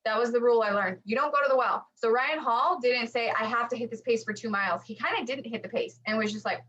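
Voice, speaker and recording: A woman co-hosting a running podcast in casual chat, lively and acting out quotes with lots of fillers. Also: fairly high pitch, fast talker. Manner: animated, acts out quotes, many fillers. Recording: dull lo-fi audio.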